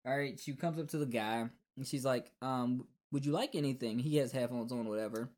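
A man's voice: mid-range voice, a little fast, darkish tone. A man co-hosting a casual movie recap, rambling as he acts out the characters' lines. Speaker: podcast co-host.

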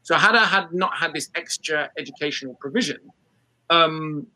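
A young adult British man from England, giving a talk to an audience about race and class in an emphatic, quick manner with frequent restarts. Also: on the high side, pushed and bright, no echo, rough recording. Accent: British English. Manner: fast, emphatic, many restarts.

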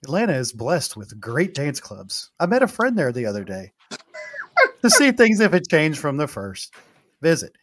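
A man, a podcast co-host reading reviews aloud with lively emphasis in casual chat. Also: a little high, normal speed.

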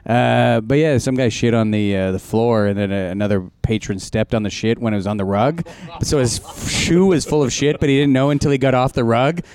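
A man from Canada talks in a loose, easygoing chat, tossing in dry jokes and halting with fillers. His voice sits at a middling pitch for a man. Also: fairly even intonation, darkish tone. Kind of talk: casual chat.

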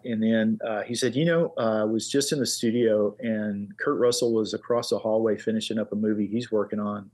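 A middle-aged man in casual conversation, telling long stories loosely with many fillers. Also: fairly low pitch. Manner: relaxed anecdotes with many fillers. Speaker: guest, engraver. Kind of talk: casual chat, storytelling.

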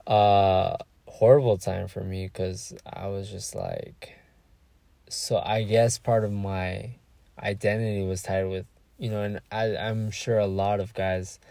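A man's voice: low-pitched, vocal fry, dark tone, no echo. A young man hosting a casual solo podcast, talking candidly and rambling, searching for words and swearing freely. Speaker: podcast host.

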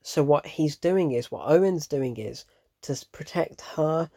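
A man giving a casual, animated spoken review of a horror film, openly frightened and often breaking off mid-thought. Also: a little high, a little slow.

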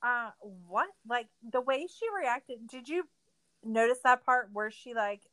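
A woman's voice: a little high, unhurried, fairly bright tone. A young woman co-hosting a podcast, ranting in a casual, profane, sarcastic recap. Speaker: podcast co-host.

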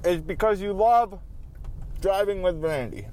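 Uomo che chiacchiera e impreca alla guida, voce vivace. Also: male voice, sits high, lively intonation, a little slow, a little mellow, slight background noise. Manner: profane, rambling, complaining. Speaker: podcast host. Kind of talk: casual driving vlog chat. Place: car and store, on the go.

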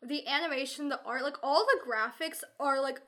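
A woman's voice: high-pitched, moderate pace, a bit bright. A woman co-hosting a podcast, chatting casually with friends in a bubbly, gushing way and laughing often. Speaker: podcast co-host. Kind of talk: casual chat among friends.

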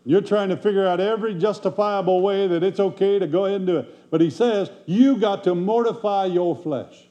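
A pastor preaches in a folksy, conversational way, firing rhetorical questions at his congregation. His voice sits a bit high but sounds mellow and warm. A faint electrical hum runs under the recording. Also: a little fast, highs cut off. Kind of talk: sermon.

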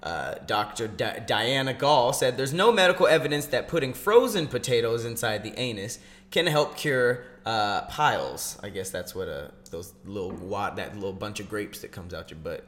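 A man's voice: fairly low pitch, animated, normal speed, fairly bright tone. A man co-hosting a comedy podcast, reading news quotes aloud and joking around in casual chat. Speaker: podcast co-host.

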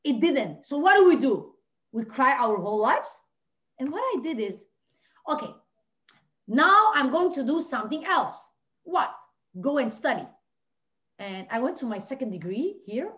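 A woman from Lebanon, a podcast guest telling her personal story with passion, swinging between hushed and near-shouting. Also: high voice, sing-song, measured pace, pauses often. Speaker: podcast guest, life coach. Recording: dull lo-fi audio.

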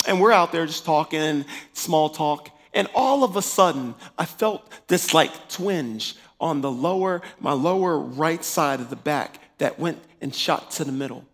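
A man telling a personal faith testimony in a lively way, acting out the voices in his story. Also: a little high, a little slow, hardly any pauses. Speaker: preacher sharing a testimony.

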